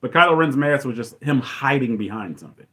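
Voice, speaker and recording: A man's voice: mid-range voice, animated, sharp tone. Rambling man recapping a film scene. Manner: rambling and enthusiastic, acts out dialogue in quick voices. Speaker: podcast host. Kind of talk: casual movie commentary.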